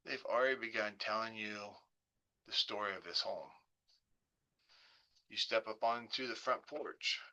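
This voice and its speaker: Male real estate host, slightly low voice, storytelling guided-imagery workshop. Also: pushed and bright, lo-fi sound. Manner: slow, coaxing, imaginative storytelling. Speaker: real estate agent hosting a webinar.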